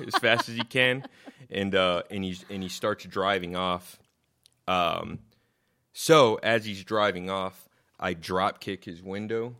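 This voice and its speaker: A man casually telling a story into his own microphone, animated, swearing and repeating words as he gets worked up. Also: low voice.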